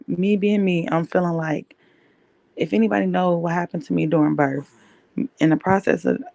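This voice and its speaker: A young woman, telling a personal story candidly on her podcast in a conversational, animated way. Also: fairly low pitch, vocal fry, no room sound. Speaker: podcast host. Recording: dull, dry, lo-fi mic.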